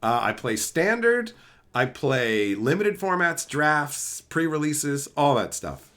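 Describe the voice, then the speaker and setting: A high-pitched man with a bright, cutting voice rants on a casual livestream. He talks profanely and mockingly, and his pitch jumps all over the place as he works himself up into shouting. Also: very animated, slow pace. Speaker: streamer.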